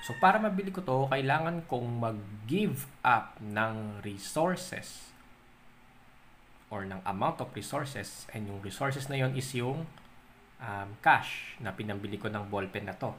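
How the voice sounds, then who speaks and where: A Filipino-accented young man walks through an accounting lesson, reading each definition before unpacking it with everyday examples. His voice sits at a middle pitch, and he breaks up his explanations with the odd "um." A faint room ambience runs underneath. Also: animated, a bit bright, a little hiss or hum. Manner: explains in mixed Tagalog and English, reading definitions then giving examples; stretches out key terms, pausing with "um". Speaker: accounting tutor. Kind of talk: recorded video lesson.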